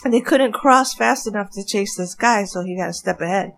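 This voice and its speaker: A woman, a former bartender, telling a story in casual chat, animated and laughing as she goes. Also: mid-range voice, a little fast, creaky.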